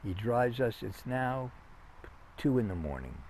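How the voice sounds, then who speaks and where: Interview guest, male, unhurried raconteur, lots of restarts, faint room hiss behind. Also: medium pitch, sing-song, a little mellow. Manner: rambling anecdotes with many restarts and fillers. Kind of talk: conversational storytelling.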